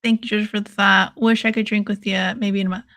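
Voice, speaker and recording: A woman hosting a casual watch-along stream, excitable and swearing freely, calling everyone "dude" while taking shots. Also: medium pitch, fairly quick. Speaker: livestream host.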